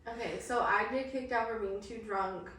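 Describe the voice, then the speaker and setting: A woman's voice: fairly high pitch, normal speed, a bit bright. A young woman co-hosting a podcast, chatting casually, blunt and swearing freely, often laughing. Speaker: podcast co-host. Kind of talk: casual chat. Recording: echoey room, mic at a distance, faint noise.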